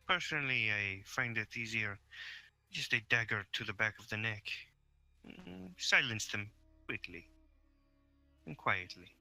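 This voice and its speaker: A man voicing a polite, soft-spoken male adventurer who speaks courteously and without hurry. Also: on the low side, animated, vocal fry, dry recording, exaggerated voice. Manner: courteous and unhurried.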